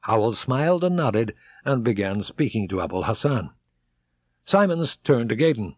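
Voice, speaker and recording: A man reading an audiobook aloud, dramatic, voicing characters and shouting their excited lines. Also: medium pitch, moderate pace, no echo, studio quality. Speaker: audiobook narrator.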